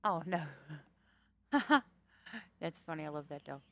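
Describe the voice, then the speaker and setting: A woman's voice: deep voice, very animated, takes it slowly, a bit bright, no echo. A woman from the US East Coast, streaming a roleplay game and chatting casually, blunt and profane in an easygoing way. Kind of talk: casual chat while playing a roleplay game.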